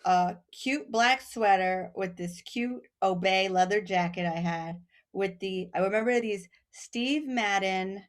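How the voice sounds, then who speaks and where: A woman's voice: mid-range voice, slow pace. Woman, from Texas, podcast guest, casual storytelling, acts out quoted voices, laughs often.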